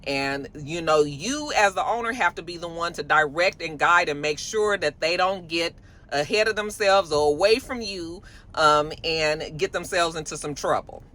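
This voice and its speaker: A woman hosting a casual commentary show, talking in an animated, profane way that swings from low mutters to loud high exclamations. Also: moderate pace. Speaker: host.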